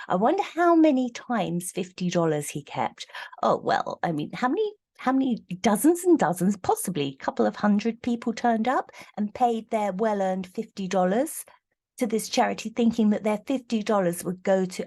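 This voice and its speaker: A woman's voice: mid-range voice, animated, moderate pace, dark tone. A middle-aged woman giving a casual, indignant tarot reading with sarcastic asides. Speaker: tarot reader.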